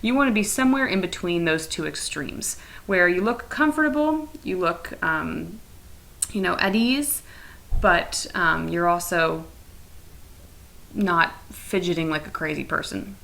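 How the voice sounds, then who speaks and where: A woman's voice: lowish voice, expressive, creaky, fairly bright tone, rough recording. A young adult woman teacher giving a chatty, playful recorded lesson from her couch at home. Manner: chatty, playful and fast-talking.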